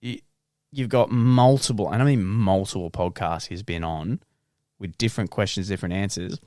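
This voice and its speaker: Young Aussie male co-host, low voice, dry close mic, laid-back and blunt. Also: moderate pace, no echo. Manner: relaxed, frank, swears casually. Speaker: podcast co-host. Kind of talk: casual chat.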